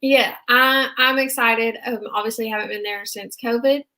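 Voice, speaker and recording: A young woman chatting excitedly as a co-host, her voice bright and a little high. She talks in an animated, chatty way, jumping between thoughts. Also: moderate pace, poor audio. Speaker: podcast co-host. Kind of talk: casual recap chat.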